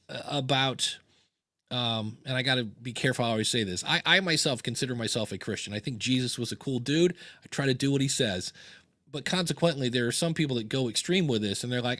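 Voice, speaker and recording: A man's voice: medium pitch, sharp tone, no echo. Chatty man co-hosting a podcast, dry mic. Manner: rambling, joking asides, many restarts. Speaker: podcast co-host. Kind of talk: casual chat.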